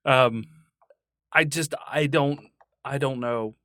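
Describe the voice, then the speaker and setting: A man's voice: mid-range voice, slow, a bit bright, no echo, clean studio sound. A man co-hosting a podcast in casual chat, laid-back, laughing often and swearing casually. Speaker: podcast co-host. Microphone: studio mic.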